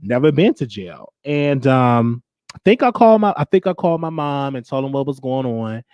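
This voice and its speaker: A young man hosting his own show, telling a personal story in a candid, halting way with many restarts. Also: medium pitch, sing-song, darkish tone, smooth, no room sound, dull audio. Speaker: show host.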